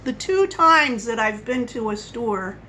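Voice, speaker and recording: A woman vlogger chatting casually at home, wandering from one tangent to the next. Her voice sits a little high and very bright, with a faint hiss of background noise. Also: big pitch swings, a little slow, rough recording. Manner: rambling, chatty, goes off on tangents. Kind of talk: casual coffee-chat monologue.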